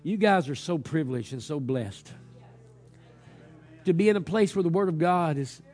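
Guy preaching a sermon, kinda high voice, storytelling then gets fired up, lots of hallelujahs. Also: normal speed, soft background music. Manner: storytelling that builds to loud, fervent preaching; repeated hallelujahs and restarts.

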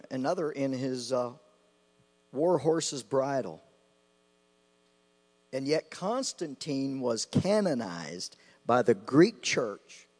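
A man preaching a sermon with passion, repeating phrases and swinging between loud outbursts and quiet asides. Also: medium pitch. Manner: impassioned, rising and falling sharply, repeating phrases. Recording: long hall reverb with mains hum.

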